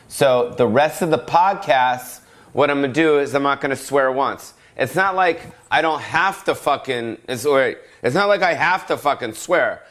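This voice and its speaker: A middle-aged man hosting a solo comedic podcast rant, rambling and profane, cutting himself off and now and then breaking into yells. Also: medium pitch. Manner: rambling, profane, self-interrupting, bursts of yelling. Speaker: podcast host.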